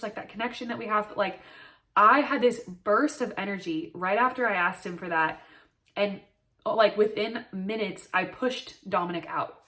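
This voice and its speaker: A woman's voice: medium pitch, a bit bright, distant mic. A young woman telling a personal story to camera, earnest and emotional, with many "like" fillers. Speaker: new mother telling her birth story.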